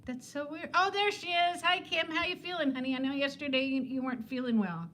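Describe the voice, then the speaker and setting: A woman's voice: high-pitched, a little fast, a bit bright. A woman in her fifties who is a weight-loss vlogger, chatting casually with viewers on a livestream in a rambling way and laughing often. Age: 50s.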